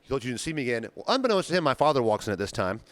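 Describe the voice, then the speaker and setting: A man's voice: medium pitch, very fast, no room sound. A young man co-hosting a podcast, telling a workplace story casually and profanely, acting out the quotes. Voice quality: animated, profane, acts out quotes. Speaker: podcast co-host.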